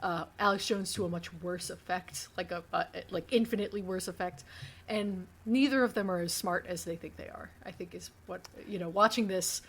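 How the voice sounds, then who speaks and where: A woman's voice: lowish voice, brisk, fairly bright tone, husky. A young woman co-hosting a podcast, talking in casual, rambling chat with lots of fillers. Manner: chatty, rambling, many fillers. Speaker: podcast co-host.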